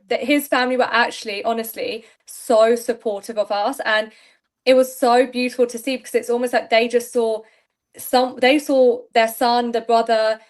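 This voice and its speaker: Young woman talking candidly, kinda high voice, laughs a lot, on a video call. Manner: chatty, candid, laughs often. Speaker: reality show contestant guest. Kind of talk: casual interview chat.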